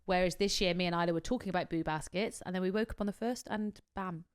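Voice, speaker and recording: A woman co-hosting a podcast, telling animated stories and swearing freely in casual chat. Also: on the low side, quick pace, clean tone. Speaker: podcast co-host, wedding worker.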